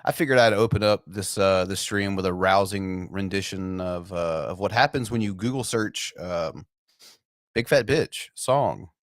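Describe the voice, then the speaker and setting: A man's voice: deep voice, measured pace, no echo, clean studio sound. A man hosting a livestream in casual chat, stammering and repeating words as he chuckles. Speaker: livestream host.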